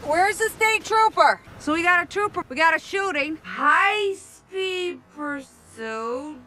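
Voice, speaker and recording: A high, lilting small-town police chief with a Minnesota accent, her voice swooping up and down as she talks slowly and cheerfully. Her vowels stretch out in a folksy sing-song. Film music sits underneath. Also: animated, bright, forceful tone, slight background noise, exaggerated voice.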